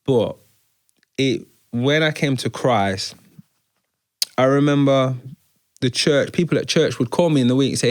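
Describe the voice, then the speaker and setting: A man recounting his life story as a guest, in an animated, slangy storytelling way. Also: medium pitch, measured pace, pauses often, no room sound, clean studio sound. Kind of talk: conversational testimony.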